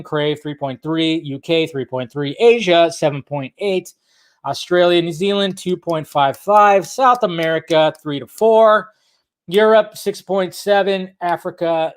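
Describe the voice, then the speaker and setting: A man hosting a casual live stream, greeting viewers by name and rambling in a jokey way. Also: on the high side.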